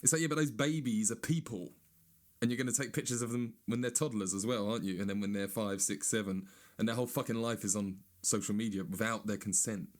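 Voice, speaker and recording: A man's voice: steady tone, quick pace. Sweary man in a sarcastic rant. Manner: sweary, sarcastic, mocks others in high whiny voices. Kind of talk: ranting stand-up monologue.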